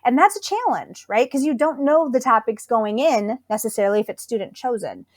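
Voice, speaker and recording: A woman school librarian chatting in an interview, her voice sitting a bit on the high side. She talks things through thoughtfully and warms up with enthusiasm. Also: lively intonation, a little fast. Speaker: school librarian, podcast guest. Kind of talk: conversational interview.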